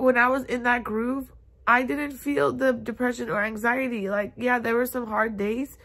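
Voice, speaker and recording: A young woman in her twenties vlogging from bed, upset and near tears, talking haltingly with many fillers. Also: on the high side, a bit bright. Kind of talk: confessional vlog. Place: bedroom, in bed.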